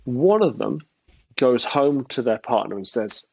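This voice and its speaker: Gravelly, husky man telling a story. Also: medium pitch, a little fast, dry recording. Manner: animated storytelling, acts out quoted voices. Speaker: guest entrepreneur. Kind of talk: casual interview chat. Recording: dry, dull lo-fi sound.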